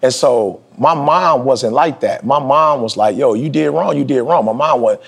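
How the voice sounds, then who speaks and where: A man in his forties, a podcast host, giving a motivational talk in emphatic, slangy street speech that leaps high in pitch when he presses a point. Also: normal speed, vocal fry, breathy edge. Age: 40s.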